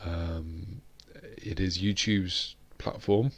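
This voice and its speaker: A man's voice: sits low, fairly even intonation, drawn-out words, slightly rough. A British man hosting a live-stream chat, rambling along with plenty of fillers and restarts. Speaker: host.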